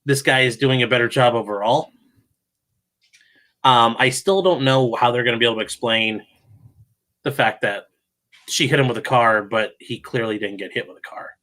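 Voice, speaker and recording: A man's voice: medium pitch, moderate pace, long pauses, bright, forceful tone. A man talking as a guest on a podcast, casual chat, blunt and opinionated, often repeating words as he starts. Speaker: guest, legal commentator.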